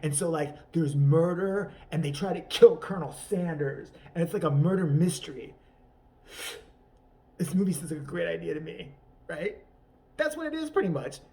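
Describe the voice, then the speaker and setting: A man's voice: fairly high pitch, expressive, moderate pace, gravelly, mellow, far from the mic. A man riffing through an improvised, profane comedy rant, rambling and laughing at his own jokes. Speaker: comedy vlogger.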